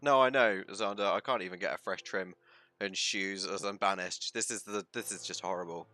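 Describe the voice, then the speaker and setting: A man's voice: low voice, moderate pace, faint music behind. A man giving casual, theatrical commentary while streaming a game. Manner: theatrical, swings into loud outbursts.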